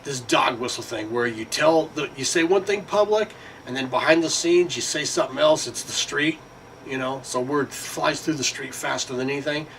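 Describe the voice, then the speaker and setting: A man's voice: medium pitch, moderate pace, a bit bright. A man delivering a rambling, profane monologue full of fillers. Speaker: vlogger. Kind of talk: casual monologue. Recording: distant mic with faint background noise.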